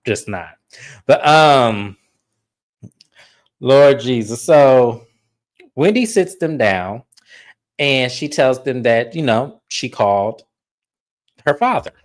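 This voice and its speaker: A woman's voice: a bass voice, expressive, slow, long pauses. A woman hosting a podcast, casually recapping a reality show in a blunt, swearing storytelling way. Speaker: podcast host.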